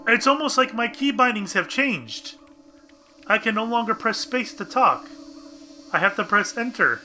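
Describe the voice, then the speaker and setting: Bright-voiced young male gamer. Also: high voice, expressive, normal speed, soft background music. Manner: chatty, addresses viewers, bemused asides. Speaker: let's play gamer. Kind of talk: casual game commentary, reading on-screen text aloud.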